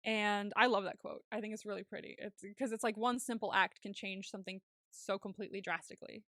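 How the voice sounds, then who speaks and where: A woman co-hosting a podcast, recapping a TV episode in casual chat, chatty and quick to laugh, with some casual swearing. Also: medium pitch, steady tone, pushed and bright, dry recording, studio quality. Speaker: podcast co-host.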